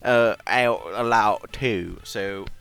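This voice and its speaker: A man's voice: fairly low pitch, vocal fry, fairly bright tone, clear, resonant tone, faint music behind. A man hosting a livestream, chatting casually with many fillers and restarts. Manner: halting, filler-heavy. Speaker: livestream host. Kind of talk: casual chat.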